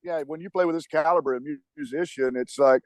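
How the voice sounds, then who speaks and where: A man's voice: fairly high pitch, fast. A man with a Southern US accent, a touring musician chatting in an interview, rambling and laughing often. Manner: animated, rambling storyteller who laughs often. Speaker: touring band musician, guest. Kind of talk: casual interview chat.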